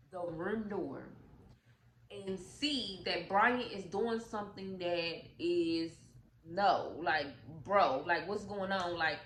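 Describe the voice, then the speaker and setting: A woman recaps a movie in casual AAVE, animated and profane, calling out to her viewers. Her voice sits at a middle pitch and rings in an echoey room. A faint ambient hum runs underneath. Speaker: YouTube storyteller.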